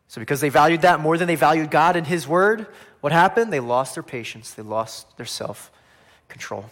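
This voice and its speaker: A man preaching a sermon, animated, acting out voices of people he speaks of and dropping quietly at line ends. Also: medium pitch, moderate pace. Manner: animated, acts out quoted voices of biblical figures; swings between loud emphasis and quiet, dropping line ends. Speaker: pastor.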